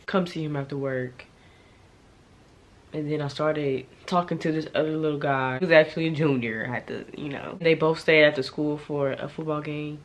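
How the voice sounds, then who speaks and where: A young woman, telling a casual storytime to her camera, with animated swings between loud outbursts and hushed asides. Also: deep voice. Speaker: vlogger.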